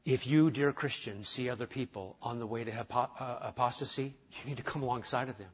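A man preaching a sermon as pastor, passionately stressing points and then dropping to a hushed tone for prayer. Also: medium pitch, a little fast, few pauses, husky, muffled recording. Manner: impassioned, swinging from loud emphasis to hushed, intimate prayer. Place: church.

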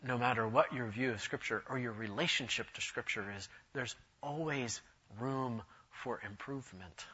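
A man delivering a sermon with a bright, forceful edge and a husky grain to his voice. He tells his story with animation, his voice climbing and swelling as he drives each point home. The recording sounds dull and lo-fi. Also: mid-range voice, moderate pace. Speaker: preacher.

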